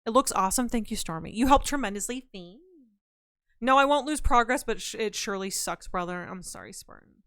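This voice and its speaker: A woman's voice: mid-range voice, a little fast, clean tone, no echo, clean studio sound. A young woman streamer chatting casually with her chat, telling stories and laughing, with a slightly scratchy throat. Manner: chatty, laughing, reads chat aloud, animated storytelling.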